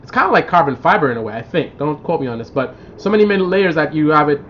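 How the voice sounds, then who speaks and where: High-voiced man chatting on a lo-fi livestream. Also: fast, slight background noise. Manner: rambling, animated storytelling, reads out viewer comments. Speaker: livestream host. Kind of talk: casual live-stream chat. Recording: dull lo-fi livestream audio.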